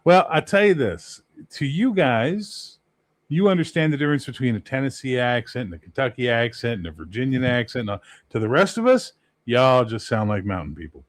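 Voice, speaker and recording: An outspoken middle-aged man talking gaming as a podcast guest. His pitch swings widely as he gets animated. The recording is dry and close. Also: brisk, dry recording. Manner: outspoken, animated, does funny voices. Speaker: podcast guest, game master. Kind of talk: casual chat.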